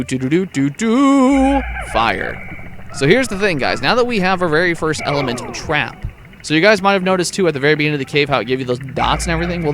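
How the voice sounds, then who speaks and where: A man's voice: fairly high pitch, a bit bright. A young man hosting a casual let's-play, chatty and rambling with playful asides to his viewers. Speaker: gaming channel host.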